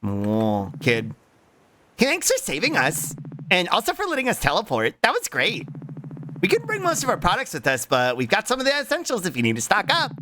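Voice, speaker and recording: A man's voice: sits high, huge pitch swings, normal speed, sharp tone, slight background noise, pitched above the performer's own voice, full character voice. A man voicing a chatty, grateful town shopkeeper in a video game. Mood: cheerful.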